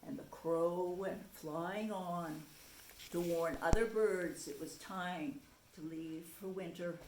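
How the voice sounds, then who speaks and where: A woman teacher reading a picture book aloud to children in a soft, gentle way. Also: lowish voice, fairly even intonation, slow. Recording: roomy echo, faint ambience.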